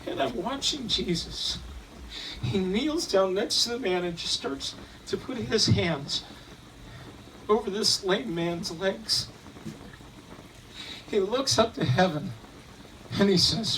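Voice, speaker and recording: A man retelling a story in the first person as an eyewitness, halting at times and repeating words. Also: sits high, lively intonation, a bit bright, slight background noise. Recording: distant mic, faint room ambience.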